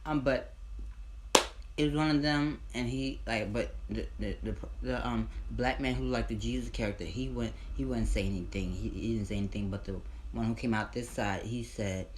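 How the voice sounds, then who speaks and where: A man telling a casual storytime, rambling and repeating himself, with loud bursts of excited disbelief. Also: medium pitch, moderate pace, a little hiss or hum.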